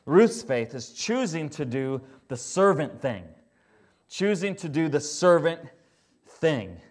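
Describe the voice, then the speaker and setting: Pastor, male, conversational and animated sermon delivery, slightly higher voice. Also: slow pace.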